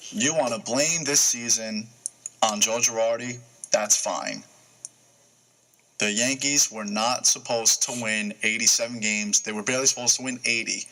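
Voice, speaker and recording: A man's voice: mid-range voice, bright, forceful tone, low-quality recording. Young male sports host, emphatic. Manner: emphatic, asks and answers his own questions. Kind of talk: casual sports radio talk.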